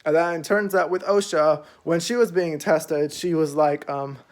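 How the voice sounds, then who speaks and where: A man's voice: on the high side, steady tone, moderate pace, darkish tone. A young man casually recapping a show's episodes, rambling with lots of fillers and freely swearing. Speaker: show reviewer.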